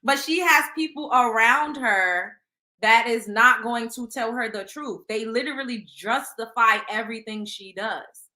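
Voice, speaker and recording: Woman gossip host, blunt and profane, bright voice, echoey room. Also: on the high side, measured pace. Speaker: show host. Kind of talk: casual celebrity gossip commentary.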